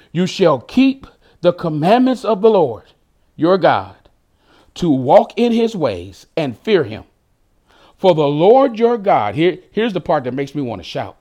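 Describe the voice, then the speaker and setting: A man's voice: on the high side, a little mellow. A male pastor preaching a sermon to a streamed congregation, using call-and-response phrases and drawing out emphatic words.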